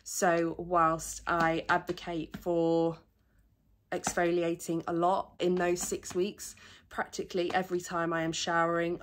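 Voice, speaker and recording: A young British woman sharing competition tanning tips in a chatty, self-mocking talk to camera, a little out of breath. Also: lowish voice. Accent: British English. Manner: chatty, self-mocking asides, quick laughs. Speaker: bodybuilding competitor and vlogger.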